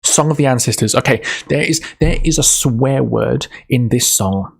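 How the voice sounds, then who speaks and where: A man's voice: medium pitch, normal speed, vocal fry, slightly rough. A man on a casual livestream who rambles, interrupts himself and laughs easily, then reads a book aloud.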